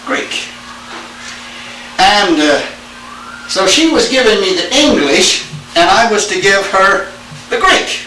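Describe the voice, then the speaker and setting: An older man teaching a Greek class in a folksy, emphatic way, recorded from a distance in a classroom with room noise. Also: on the high side. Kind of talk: classroom lecture. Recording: echoey room, distant mic, noisy.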